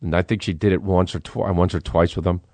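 A man hosting a comedy podcast, telling a rambling story in an excitable, profane way with lots of restarts. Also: sits low, fast, no room sound. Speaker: podcast host.

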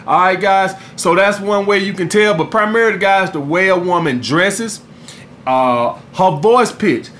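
A man's voice: sits high, unhurried, fairly bright tone, slight background noise. A man giving dating advice in a podcast monologue, blunt and profane, who keeps saying "guys" and "all right?" to his listeners. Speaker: dating coach and podcast host.

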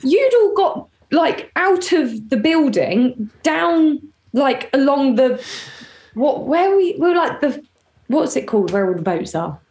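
A woman's voice: high voice, unhurried, reverberant. A young woman telling family stories in casual chat, acting out what people said. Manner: animated storytelling, acting out quotes.

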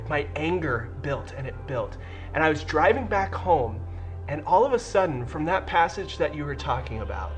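Man, 30s, earnest testimony, fairly high voice, faint music underneath. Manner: earnest, heartfelt, pauses and restarts. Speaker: church member sharing a testimony. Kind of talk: personal testimony.

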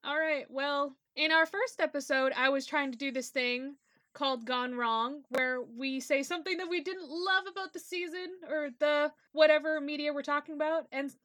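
A woman's voice: sits high, normal speed, pushed and bright. A woman co-hosting a casual podcast chat, talking loosely with lots of fillers. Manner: casual, uses many fillers. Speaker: podcast co-host.

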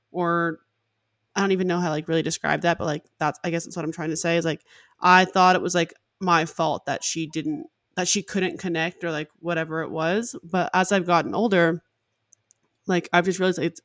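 A woman in her twenties hosts a podcast, chatting casually and candidly with "like" filling many of her sentences. Her voice is lowish, recorded in clean studio sound with no room sound.

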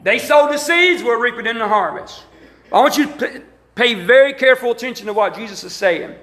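A man from Alabama preaching with a strong Southern accent, his voice very high for a man and bright, nearly sharp. He keeps calling out to the congregation for answers, swinging from emphatic rising lines to folksy asides. The sound is roomy and echoey, as in a church sanctuary. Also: animated, brisk. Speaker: pastor. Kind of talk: sermon.

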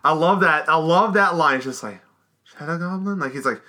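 A man in casual film chat, excitable and swearing freely, with halting restarts. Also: on the high side.

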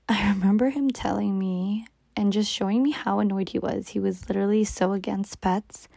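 A young woman recounts a personal story in a casual, confiding way, her voice mellow and dark with a gravelly fry at the edges. She keeps slipping into a soft half-whisper, with a lot of "like" along the way. The sound is dry and close, with no room around it. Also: medium pitch, no room sound. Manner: often drops into a soft half-whisper, many filler "like"s.

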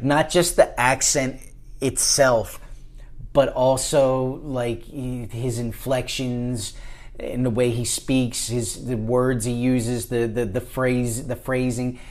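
A man in casual chat as a podcast guest, talking in a relaxed, rambling way with many fillers. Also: mid-range voice.

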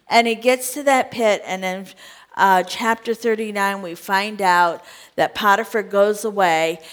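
A woman's voice: medium pitch, unhurried. A woman preaching a sermon, telling a scripture story with drama and asking the congregation direct questions.

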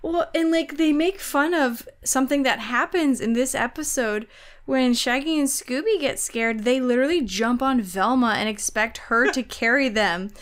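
A woman's voice: high-pitched, normal speed. A woman co-hosting a podcast, chatting casually with enthusiasm and frequent giggles. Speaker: podcast co-host. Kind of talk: casual chat.

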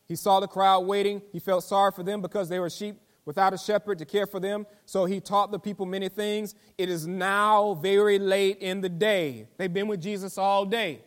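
A man preaching a sermon as pastor, folksy and emphatic, with asides to the congregation that build to forceful emphasis. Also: high-pitched. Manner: preaching with call-and-response asides and rising emphatic delivery; folksy vernacular speech.

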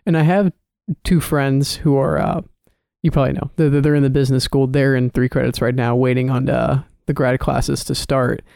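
A young man in his early twenties co-hosts a podcast in an easygoing, chatty way, sometimes stumbling over his first words. His voice has a gravelly edge and a warm, mellow tone. The sound is close and dry, with no room behind it. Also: medium pitch, normal speed, dry recording. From Chicago area. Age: early 20s. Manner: relaxed, repeats words when starting sentences. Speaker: podcast co-host. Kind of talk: casual chat.

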